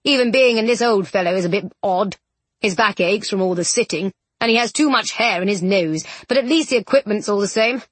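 A woman's voice: medium pitch, fairly quick, breathy edge, no echo, natural voice. A woman doing a whiny ghost-possessed old king. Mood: doubtful. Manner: whiny, stubborn. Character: fretful ghost inside an old king's body, male.

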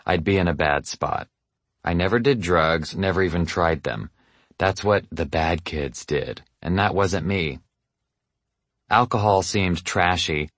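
A man narrates his own memoir in an earnest, self-deprecating way. His voice is very low. The recording is close and dry. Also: fairly bright tone, dry recording.

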